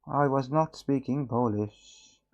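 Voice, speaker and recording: A man's voice: medium pitch, takes it slowly, darkish tone, muffled recording. A man chatting casually on a live stream while fixing electronics, often muttering and teasing viewers.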